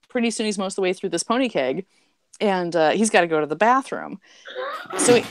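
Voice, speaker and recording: A woman's voice: mid-range voice, animated, fairly quick, no room sound. A woman on a podcast telling long jokes in casual chat, with lots of fillers and little acted voices. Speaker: podcast guest.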